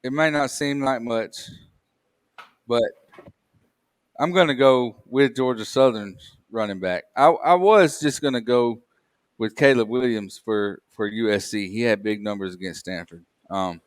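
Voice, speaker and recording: A man's voice: medium pitch, unhurried, clean tone, no echo. A man co-hosting a casual sports chat, ranting and salty. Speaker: co-host.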